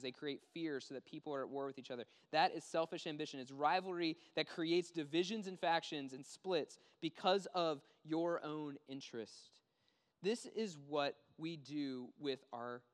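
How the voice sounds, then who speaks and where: Man, sermon, fairly high voice, lively quoted voices, long hall reverb. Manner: conversational preaching with animated quoted voices. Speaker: pastor.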